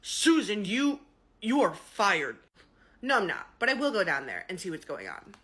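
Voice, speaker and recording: A woman's voice: medium pitch, big pitch swings, moderate pace, fairly bright tone, breathy edge. A woman playing a lazy, patronizing male restaurant manager in a comedy skit, calling women "honey". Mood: flustered. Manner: dismissive, patronizing, says "honey" and "little lady".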